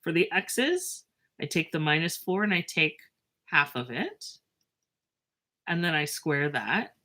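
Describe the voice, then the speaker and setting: Woman math teacher, low voice but bright, drawls while writing, jokey asides. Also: slow pace. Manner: chatty, self-mocking, lively asides. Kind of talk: casual math lesson.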